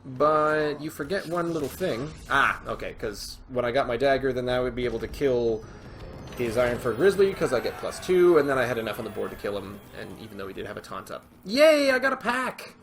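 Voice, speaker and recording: A man chatting his way through a gaming session, wandering from thought to thought and poking fun at himself. His speaking voice sits at an everyday middle pitch, with faint music playing underneath. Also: animated, brisk, creaky. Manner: rambling, chatty and self-deprecating; thinks aloud with frequent fillers and restarts. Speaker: gaming video host. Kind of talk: casual gameplay commentary.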